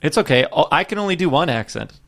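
A man's voice: on the high side, expressive, fast, vocal fry, fairly bright tone. A man with a Lebanese accent who speaks Arabic as his first language, co-hosting a podcast in a laid-back chat and mixing in Arabic words. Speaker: podcast co-host. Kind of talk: casual chat.

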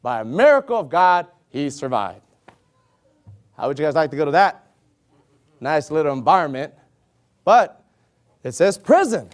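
A man preaching an animated sermon, exclaiming loudly and acting out the voices of the people in his stories. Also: on the high side, moderate pace, pauses often. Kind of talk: animated sermon with acted-out scenes.

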